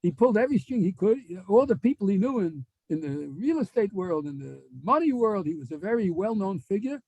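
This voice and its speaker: Ny rabbi telling a story, high voice, acts out all the lines, dry sound. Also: male voice, fairly quick, no echo, rough recording. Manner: animated storyteller, acts out dialogue. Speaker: rabbi giving a Torah class. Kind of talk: storytelling Torah lecture.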